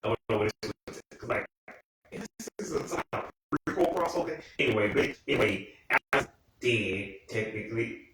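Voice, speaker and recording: A man's voice: expressive, a little fast, very noisy. Rambling young man in an echoey room. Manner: profane, rambling, exasperated, with sudden high-pitched outbursts. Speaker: TV commentator. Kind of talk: casual rant commentary. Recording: very echoey room, voice from far off the mic.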